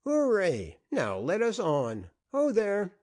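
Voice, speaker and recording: A man's voice: mid-range voice, very animated, normal speed, a little mellow, voice pushed up. A man reading an audiobook, voicing a jovial, stentorian middle-aged male party host with theatrical grandeur. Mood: hearty, grand. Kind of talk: audiobook character voice.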